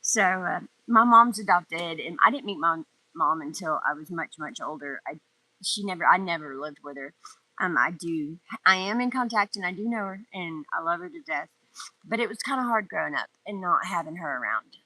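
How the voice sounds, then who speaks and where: A woman's voice: fairly low pitch, animated, moderate pace, pushed and bright, no room sound, rough recording. A woman from North Georgia gives a casual, rambling live tarot reading outdoors in the wind, laughing often. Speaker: tarot reader.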